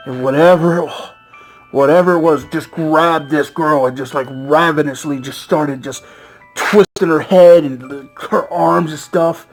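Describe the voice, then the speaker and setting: A man casually recapping a horror film's plot as a movie reviewer, rambling and excitable, with lots of fillers and swearing. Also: on the high side, normal speed, faint music behind.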